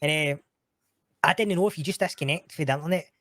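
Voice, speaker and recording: A man's voice: a little high, fast talker, a bit bright, dry recording, studio quality. Scottish man telling stories and laughing. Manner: swears a lot, laughs through stories. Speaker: podcast guest. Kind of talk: casual chat.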